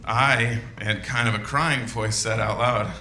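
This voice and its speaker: Comic storyteller, male, unhurried, halting delivery, roomy stage sound. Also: mid-range voice, fairly even intonation, background noise. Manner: halting, full of fillers, acts out shouted quotes. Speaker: storytelling comedian. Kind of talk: live comedic storytelling.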